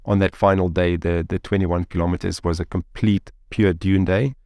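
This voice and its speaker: A man, a guest telling a story in an interview, rambling and animated with lots of fillers like "like" and "you know". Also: low voice, normal speed, dry recording, clean studio sound.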